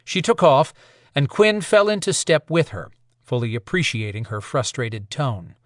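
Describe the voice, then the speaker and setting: A man giving steady, measured scripted audiobook narration at a close mic. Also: medium pitch, no echo.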